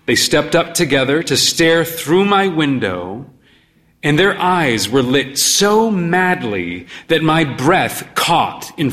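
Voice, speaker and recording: A man narrating a story as a world-weary pub owner, in a dry, unhurried way. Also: medium pitch, fairly bright tone. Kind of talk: storytelling reading.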